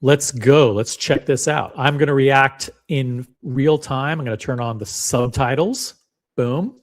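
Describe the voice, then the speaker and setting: A man's voice: mid-range voice, measured pace. A man hosting a live reaction stream, chatting in a rambling, self-deprecating way. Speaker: livestream host.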